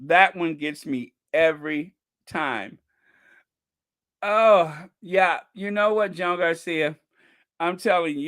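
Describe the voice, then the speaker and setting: A man's voice: on the high side, a bit bright, clear, resonant tone. A man hosting a commentary channel, talking casually to his viewers with frequent laughter and emphatic asides.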